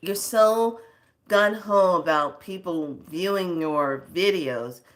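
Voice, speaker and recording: A woman with a low voice talks slowly and casually on her spiritual channel. She scolds and rambles, wandering off on tangents. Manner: scolding, rambling, laughs between stories. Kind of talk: casual spiritual vlog talk.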